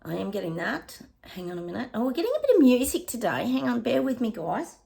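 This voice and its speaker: A middle-aged woman with an Australian accent, a psychic giving a chatty reading to her viewers, often pausing to say hang on and laughing. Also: fairly high pitch, very animated, gravelly, dark tone. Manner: laughs often and hums snatches of songs.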